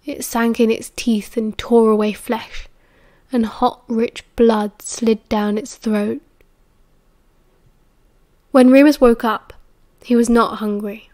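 A woman with a British accent reading an audiobook in a measured, expressive way. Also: a little high. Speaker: audiobook narrator. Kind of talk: audiobook narration.

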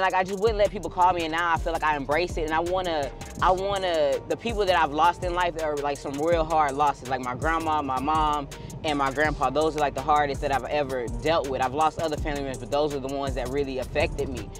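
A woman's voice: sits low, fairly even intonation, brisk, over music. A woman food vlogger from Houston, talking in a casual, slangy way and laughing often. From Houston, Texas.

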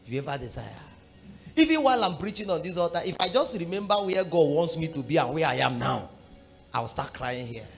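A middle-aged man preaching a sermon as pastor, fervent, moving from murmured prayer to shouted exhortation. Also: on the high side, expressive, a little fast, gravelly, faint music behind.

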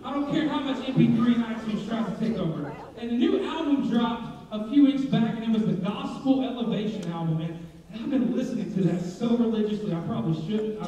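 A young male pastor preaches a sermon in a church sanctuary, joking and asking the congregation questions. His voice sits high with a warm tone, picked up by a distant, dull mic in an echoey hall.

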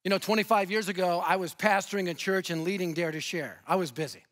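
A man with a high voice delivers a sermon as a guest preacher. He tells stories with humor and energy, swinging from loud outbursts to hushed, tender lines. He is in his fifties and from Denver. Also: quick pace. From Denver, USA. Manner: animated, humorous storytelling with sudden swings between loud and soft. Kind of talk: sermon with storytelling.

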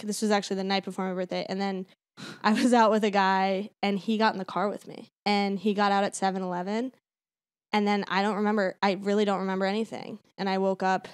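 A woman comedian recounts a story as a podcast guest, candid and detailed. Her voice sits in a middle pitch. The sound is close and dry. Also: smooth, no room sound. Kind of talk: casual podcast chat.

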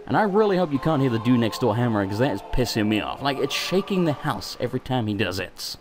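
A young man hosting a let's play, commenting in a sweary, self-mocking, excitable way. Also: medium pitch, quick pace, few pauses, noisy background. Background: faint game music.

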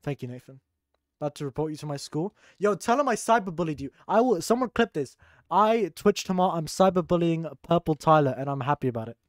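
A man's voice: a little high, expressive, fairly quick, no echo, studio quality. A young adult man streaming live, bantering crudely with his chat, laughing and teasing, with a sore throat.

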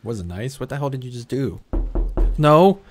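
A man streaming a horror game, reacting loudly and jumpily with frequent cursing and laughter. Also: medium pitch, sing-song, moderate pace, background noise. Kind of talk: live gameplay commentary. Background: game music.

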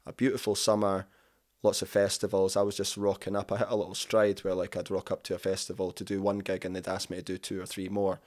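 A man's voice: low-pitched, completely flat delivery, fast talker, darkish tone. A middle-aged man, a musician, chatting casually in an interview, rambling and enthusiastic. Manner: rambling and enthusiastic, lots of "you know". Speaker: musician guest.

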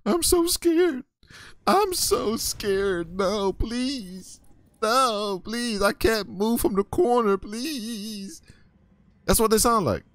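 A man's voice: sits high, lively intonation, slow pace, fairly bright tone, no room sound, voice pushed up, heavily acted. A man mocking a scared whiny kid. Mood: mock pleading. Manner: mocking, pleading.

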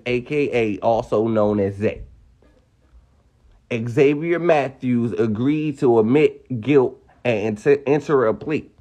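A man's voice: medium pitch, a little mellow. A man hosting a casual livestream rant, mocking and profane, laughing often as he talks. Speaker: livestream host.

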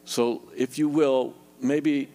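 This is a middle-aged man preaching, with a middle-pitched voice. He talks with heartfelt tenderness, and he sinks into a soft, low murmur as he prays over the crowd. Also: fairly even intonation, slow. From Louisiana. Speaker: guest preacher. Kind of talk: sermon and closing prayer.

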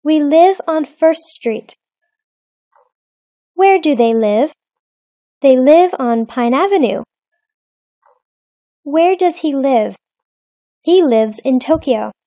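A woman reading short lesson dialogues in a slow, deliberate, evenly paced way. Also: high-pitched, expressive, dark tone, no echo, clean studio sound. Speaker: English lesson reader.

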